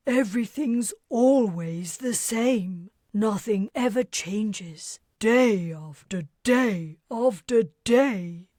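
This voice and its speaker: A woman's voice: mid-range voice, animated, slow pace, hardly any pauses, warm tone, no echo, clean studio sound. A woman voicing a large, immortal alien woman who is sweet, dramatic and coaxing, and who talks in a gushing, pleading way. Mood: despairing.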